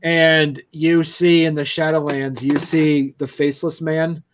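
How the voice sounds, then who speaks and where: Slow, halting male game master, slightly high voice, lots of filler. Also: little pitch movement. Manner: hesitant, many ums and restarts. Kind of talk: narrating a tabletop game.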